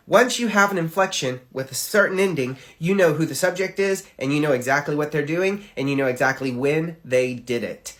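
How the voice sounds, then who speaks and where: A man's voice: a little high, a bit bright. A man giving an explanatory language lesson, walking through examples step by step and asking rhetorical questions. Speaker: language teacher.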